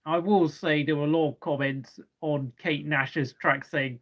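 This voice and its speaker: A man's voice: a little high, fairly even intonation, a little slow, few pauses, a bit bright. A young man hosting a live race watchalong, chatting casually and rambling to fill the gaps between race updates. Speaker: watchalong host.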